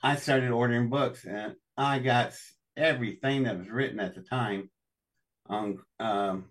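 A man's voice: mid-range voice, measured pace, recorded from a distance. Older man from West Virginia, off-mic. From West Virginia, USA. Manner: folksy, chuckling storyteller. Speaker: guest. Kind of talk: storytelling interview.

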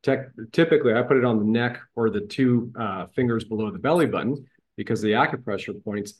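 A man hosting a podcast, talking with eager, gushing enthusiasm. His voice sits at a middling pitch, and he often stumbles and restarts mid-sentence. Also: a little fast. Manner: effusive, praising, with restarts. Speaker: show host.

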